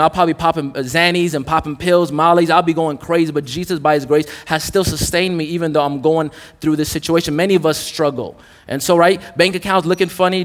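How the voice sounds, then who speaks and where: A young adult man preaching a sermon to a congregation in a candid, conversational, joking way. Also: a little high. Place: church in front of a congregation. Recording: reverberant church hall.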